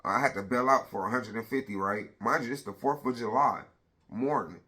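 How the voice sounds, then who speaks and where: A man's voice: medium pitch, fairly quick, sharp tone. A man in his thirties telling a personal story on a casual vlog, blunt and profane, retelling it with lots of energy.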